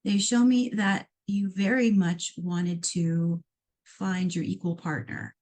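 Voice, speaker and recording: A middle-aged woman from Iowa, voice on the low side and pace slow, hosts a live call-in show as a psychic medium. She reads listeners' questions and replies in an animated, chatty manner full of playful asides.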